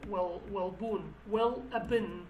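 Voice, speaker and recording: A woman's voice: mid-range voice, takes it slowly, darkish tone, roomy sound, distant mic, muffled recording, a little hiss or hum. A woman whose first language is Kurdish, explaining song lyrics word by word in English as a teacher, thinking aloud and restarting her phrases.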